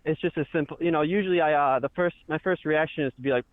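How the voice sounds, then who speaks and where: A man's voice: fairly high pitch, fairly quick, dry recording. A man calling in to a talk show, telling a story casually and acting out the quotes of people he argued with. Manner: animated, acts out shouted quotes. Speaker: caller. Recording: tinny phone line, dry.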